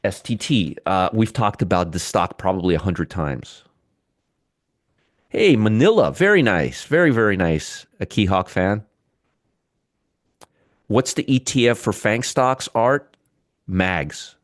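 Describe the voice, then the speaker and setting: A man's voice: sits low, dry recording, studio quality. A middle-aged man hosting a live stock market stream, chatty, reading out viewer comments and teasing his audience. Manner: chatty, reads viewer comments, jokes and teases. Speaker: stock market show host.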